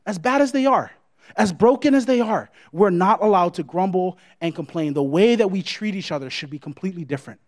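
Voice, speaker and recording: A man's voice: high voice, lively intonation, fairly quick, a little mellow. A man preaching a sermon as pastor, emphatic, repeating his points and checking in with the congregation.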